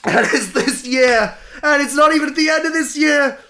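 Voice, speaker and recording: A woman streaming a live reaction, excitable and foul-mouthed, bursting into shouts and laughter. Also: high voice, moderate pace.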